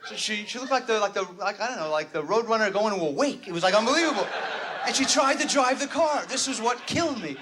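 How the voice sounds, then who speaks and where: High-voiced neurotic male stand-up comic. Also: lively intonation, quick pace, bright, forceful tone, a little hiss or hum. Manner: neurotic, rambling, self-interrupting. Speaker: stand-up comedian. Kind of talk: stand-up comedy routine. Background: audience laughter.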